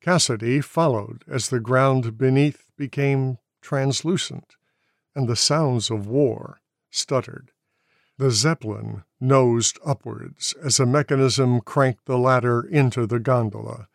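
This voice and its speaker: A man reading a novel aloud in slow, measured audiobook narration. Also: medium pitch, gravelly, dry recording, clean studio sound.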